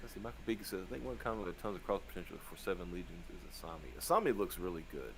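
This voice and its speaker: A man's voice: deep voice, big pitch swings, racing, vocal fry, slight background noise. A man co-hosting a casual live show, reading viewer comments aloud and laughing often between fillers. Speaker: podcast co-host.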